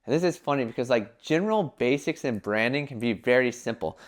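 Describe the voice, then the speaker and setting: A young man giving casual business advice in a vlog, talking animatedly and filling his talk with "like" and quick acted-out quotes. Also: medium pitch, expressive. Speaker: entrepreneur giving brand advice.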